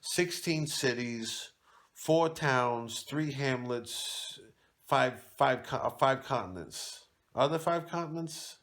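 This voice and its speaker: A man's voice: medium pitch, animated, slow pace, fairly bright tone. A man playing a self-important, profane online free-speech warrior in a comedy sketch, talking in bombastic war terms. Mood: chummy. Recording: echoey, mic far off.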